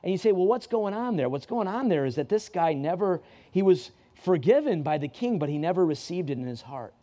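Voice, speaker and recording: A man's voice: a little high, animated, a little fast, warm tone. A man preaching a sermon to a church congregation in a conversational way, often restarting his sentences and repeating key phrases for emphasis. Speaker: pastor. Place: church service.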